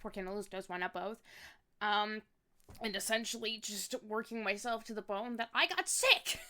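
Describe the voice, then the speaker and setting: A woman's voice: medium pitch, moderate pace, pushed and bright. A young woman streamer rambling in a playful, self-mocking way during a casual drawing stream. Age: young adult. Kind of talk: casual chat while drawing.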